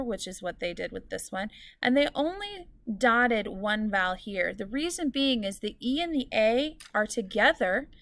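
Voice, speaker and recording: A woman teacher giving a recorded lesson to students, explaining clearly and patiently and drawing out example words. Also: mid-range voice, sharp tone, dry recording, studio quality.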